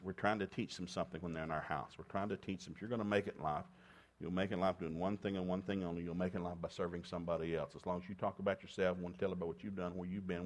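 Joking middle-aged man preaching. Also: sits low. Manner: humorous, joking asides between scripture readings; bursts into loud whoops and laughter. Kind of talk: sermon.

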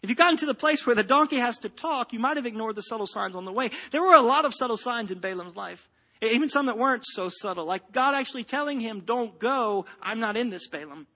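A man's voice: extremely high pitch, expressive, fast, sharp tone, big-room sound. A man preaching a sermon, telling a joke and a story with playful acted-out voices. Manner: joking storyteller, acts out voices. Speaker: pastor.

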